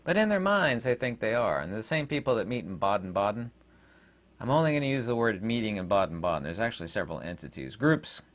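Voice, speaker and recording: A man's voice: on the low side, fast. A man hosting his own channel, talking in a rambling, digressive monologue full of fillers. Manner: animated, digressive, many fillers. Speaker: channel host.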